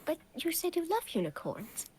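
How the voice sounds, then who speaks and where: A woman voicing an eager, gushing young noblewoman in a tabletop game, breathy and wheedling. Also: very high-pitched, wildly swooping pitch, moderate pace, a little mellow, exaggerated voice. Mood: pleading.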